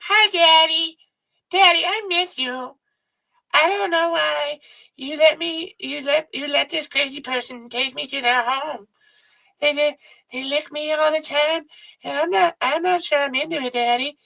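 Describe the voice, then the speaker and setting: A man's voice: measured pace, creaky, sharp tone, exaggerated voice, poor audio. A man voicing a small toy that pleads and whines to go home to its daddy. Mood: pleading. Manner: high whiny pleading voice. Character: small plush toy crying for its daddy, childlike and whiny.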